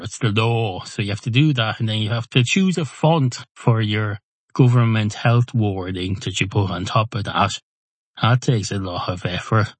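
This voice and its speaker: A man's voice: mid-range voice, no echo, natural voice. A man voicing a fussy young male cat at a bar, rambling and drifting off topic.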